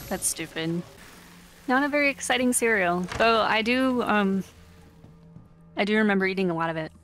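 A young woman co-hosts a gaming channel's let's-play, bantering playfully and teasing her dad in casual chat. Her mid-range voice is expressive and fairly bright at a moderate pace, with faint music behind.

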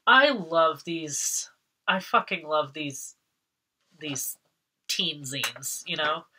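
A woman vlogger from Massachusetts chatting casually through an unboxing, excitable, laughing often and swearing when she rants. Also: low voice, very slow, a little hiss or hum.

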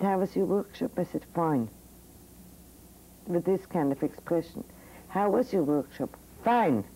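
With a warm, lowish voice, an older psychiatrist from Switzerland shares a personal story with medical students, lecturing frankly and vividly. It's an old 1982 recording, low in quality with faint hiss.

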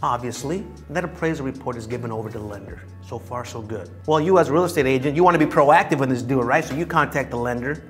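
A man teaching real estate in a lively, theatrical way, acting out the conversations he describes. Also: medium pitch, fast talker, few pauses, soft background music. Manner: lively, theatrical, acts out dialogues. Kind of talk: animated teaching talk.

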